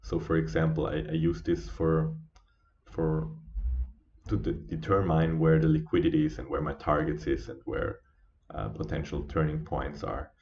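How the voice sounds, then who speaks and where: A tired man talking casually through a live trading stream as its host, halting with many fillers and restarts. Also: very deep voice, flat delivery, a little mellow. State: sleepy, yawning. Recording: dull lo-fi stream audio.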